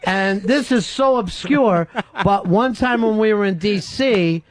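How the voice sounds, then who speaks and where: A man hosting a radio talk show, telling a story in an animated way, swearing constantly and laughing through it, on a studio microphone. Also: high-pitched, a little slow. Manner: profane, laughs through his own story.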